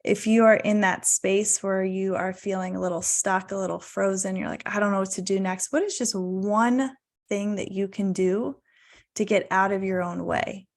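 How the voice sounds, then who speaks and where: A woman in her thirties leading a guided mindfulness talk on a video call, gentle and encouraging, stretching out key words. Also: mid-range voice, fairly even intonation, moderate pace. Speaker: wellness coach.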